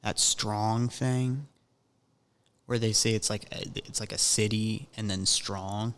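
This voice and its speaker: A man on a casual podcast, ranting and swearing, often jumping into a high mocking voice. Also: fairly even intonation, takes it slowly, fairly bright tone, clear, resonant tone. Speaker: podcast co-host. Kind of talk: casual chat. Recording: long hall reverb.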